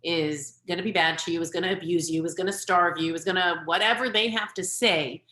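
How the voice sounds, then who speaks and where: This is a webinar talk by a middle-aged parenting coach on a video call, her advice earnest and her instructions direct. She talks fairly quickly in a fairly low, pushed, bright voice, and the recording has an echoey room sound.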